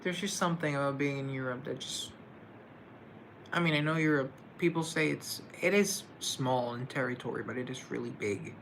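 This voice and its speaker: A man's voice: medium pitch, normal speed, creaky, fairly bright tone, slight background noise. A man hosting a casual livestream, answering viewer comments with a playful, joking manner. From United States. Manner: playful, joking, talks to himself. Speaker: livestream host.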